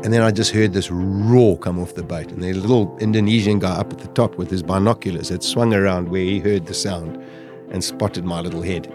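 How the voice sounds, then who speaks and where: Lowish male storyteller, faint music. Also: fairly even intonation, fairly quick. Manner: vivid storytelling that acts out its own remembered speech. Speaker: interview guest.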